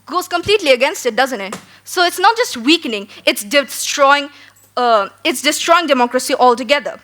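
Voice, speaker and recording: A woman's voice: high-pitched, animated, fairly bright tone. A young woman from India giving an emphatic, rhetorical competitive debate speech at a school debate. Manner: emphatic, rhetorical, with dramatic pauses and questions.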